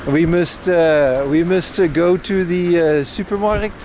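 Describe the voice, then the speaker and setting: A man's voice: on the high side, a little mellow, a little hiss or hum, close to an everyday voice. A man doing a hammy mock-Dutch accent. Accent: put-on Dutch. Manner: halting, hammy, tags 'eh?'.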